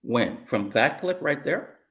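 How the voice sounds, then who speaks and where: A man's voice: mid-range voice, animated, slow, a bit bright. A man, a police officer, answering deposition questions in a guarded, noncommittal way. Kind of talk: deposition testimony.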